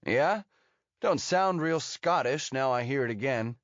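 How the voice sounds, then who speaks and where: A man's voice: mid-range voice, expressive, a little slow, a bit bright, dry recording, pitched above the performer's own voice. Man putting on a sneering American thug, Black Goatee. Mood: taunting. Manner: taunting, mocking. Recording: dull lo-fi dry audio.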